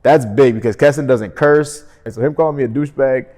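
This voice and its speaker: A young man talking casually to his vlog audience, often tagging his points with "right?" and calling himself monotone. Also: mid-range voice, fairly quick. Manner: conversational, frequent "right?" tag questions, self-described monotone. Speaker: real estate wholesaler and vlogger. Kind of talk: casual motivational vlog talk.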